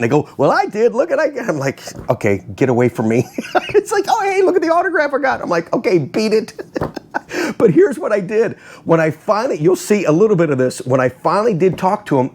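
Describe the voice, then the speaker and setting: A male host in a casual vlog, speaking at a middle pitch with a very lively, swooping delivery. He acts out everyone's lines in his story and breaks into laughter. The tone is loose and chatty. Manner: animated, acts out quotes in voices, laughs often. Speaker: host of a car video channel.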